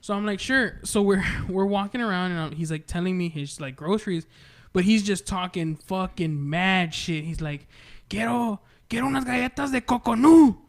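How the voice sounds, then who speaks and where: A man's voice: sits high, moderate pace, clean tone. A man, a podcast guest, telling profane stories in casual chat and laughing through them. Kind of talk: casual storytelling.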